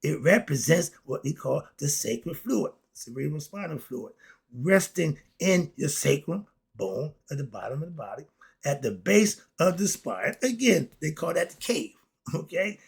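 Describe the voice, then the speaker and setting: A man lecturing about spirituality, asking and answering his own questions, with quiet asides and loud excited bursts. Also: a little high, measured pace, creaky, husky. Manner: preachy, talks straight at the audience, asks and answers his own questions. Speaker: host.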